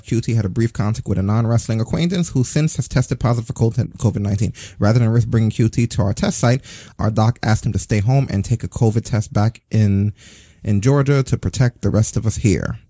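Sarcastic man with a dark husky voice. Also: fairly low pitch, a little fast, no echo, clean studio sound. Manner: sarcastic, swearing, animated. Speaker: podcast host. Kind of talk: casual wrestling news chat.

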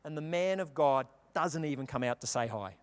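A man preaching a sermon, telling the story with animated delivery and acting out the characters' lines. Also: fairly high pitch, normal speed. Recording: long reverb of a large hall.

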